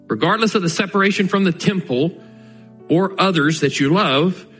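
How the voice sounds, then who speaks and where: Male pastor, earnest sermon voice, a touch high, faint music bed. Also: a bit bright, poor audio. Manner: earnest preaching, slowing to stress key lines.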